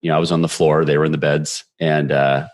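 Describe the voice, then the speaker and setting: Brief: very low-voiced man, forties, lively storyteller guest. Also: fast. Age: 40s. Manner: energetic, animated retelling with quoted voices. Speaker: podcast guest. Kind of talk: storytelling interview.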